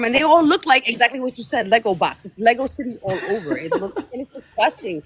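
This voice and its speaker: A woman's voice: high-pitched, big pitch swings, fast talker, hardly any pauses, husky. A woman from the Bronx with a New York accent, a podcast guest on a video call, talking in brash casual chat with laughs and swearing.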